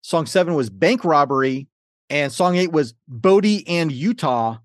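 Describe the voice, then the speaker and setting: A playful man runs a trivia game podcast, his voice a touch high and swinging widely in pitch. He reads questions and fun facts with jokey asides. The sound is dry and close. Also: animated, unhurried, no echo. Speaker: podcast host and quizmaster.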